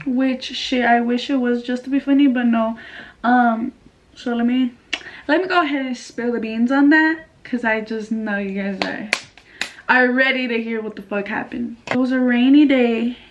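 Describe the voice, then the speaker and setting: A young woman from California tells a casual storytime in a chatty, slightly high voice, swearing freely and acting out what others said. The recording sounds a little dull and lo-fi. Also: steady tone, normal speed, slight background noise. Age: young adult. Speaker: vlogger.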